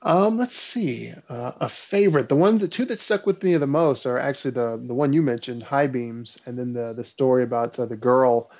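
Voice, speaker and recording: A man's voice: medium pitch, moderate pace, hardly any pauses. A man in a casual chat, spinning an old spooky tale in a loose, rambling way full of ums and likes. His voice sits in a middle range. The recording is somewhat dull and muffled. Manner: rambling, relaxed storyteller with many fillers. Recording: dull lo-fi sound.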